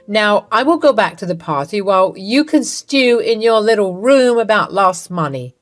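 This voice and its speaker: A woman's voice: medium pitch, animated, moderate pace, close to an everyday voice. A woman voicing a scheming older mother-in-law, speaking in an indignant, denying way. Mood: scornful.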